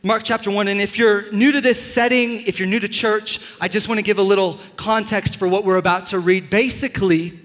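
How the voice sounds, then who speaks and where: A young man preaching a sermon as a pastor, enthusiastic and joking with sudden loud bursts. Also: sits high, fairly even intonation, brisk. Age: young adult. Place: large church hall. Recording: long church-hall reverb.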